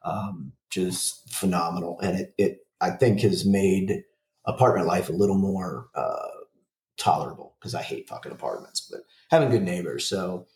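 A man's voice: deep voice, moderate pace, darkish tone, reverberant, far from the mic, a little hiss or hum. A man in his forties, a podcast co-host, chatting casually in a rambling, profane way with lots of fillers and restarts. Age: 40s. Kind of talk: casual chat.

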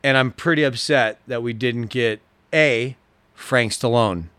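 A man's voice: mid-range voice, unhurried, bright, forceful tone, clear, resonant tone, dry recording. A man co-hosting a casual podcast, cracking jokes and laughing a lot. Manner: joking, laughs a lot, acts out quips. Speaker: podcast co-host. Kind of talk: casual chat.

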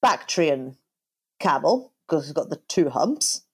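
A woman's voice: low-pitched, very animated, takes it slowly, husky. A woman co-hosting a podcast, explaining things with a playful, dry sense of humor. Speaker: podcast co-host. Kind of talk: casual podcast chat.

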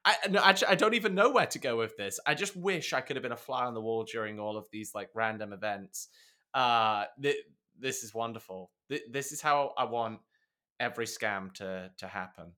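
Bright-voiced laughing male podcast host. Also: medium pitch, fairly quick. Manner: laughing, incredulous. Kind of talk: casual chat.

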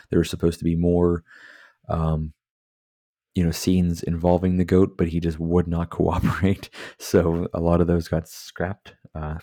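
Low-voiced rambling man, casual podcast host. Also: dark tone, breathy edge, no room sound, studio quality. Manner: rambling, heavy on filler words and profanity; drinking beer while talking. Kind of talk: casual movie review chat.

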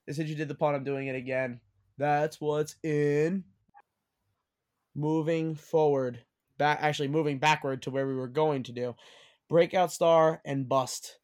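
A man's voice: a little high, steady tone, a little slow, darkish tone. A young adult man hosting a casual sports podcast, talkative and steering the discussion with bold picks. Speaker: podcast host.

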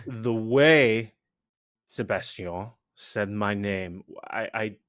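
Low-voiced man rambling through asides. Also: drawn-out words, clean tone, no echo. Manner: rambling, full of asides and repeated restarts; animated and emphatic. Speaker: podcast co-host. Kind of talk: casual podcast chat.

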